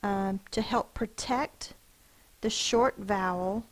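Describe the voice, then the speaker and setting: A woman teacher slowly and patiently sounding out spelling words, letter by letter, for a class. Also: mid-range voice, poor audio. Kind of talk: phonics lesson for children.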